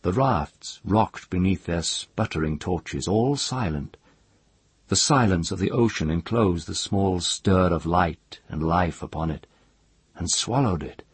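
Male audiobook narrator: measured calm reading, slow pace, very breathy, raspy texture. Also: low-pitched, dry recording.

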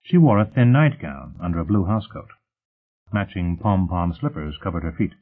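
A man reads an audiobook in a husky, fairly low voice. His pitch moves in a lively way, but the sound stays thin and phone-like. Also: moderate pace. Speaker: narrator. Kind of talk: audiobook narration.

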